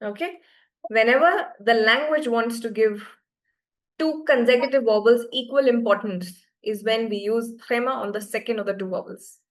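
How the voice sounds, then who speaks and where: Higher-voiced woman teaching a class. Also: moderate pace. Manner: checks understanding often, patient explaining. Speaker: French teacher.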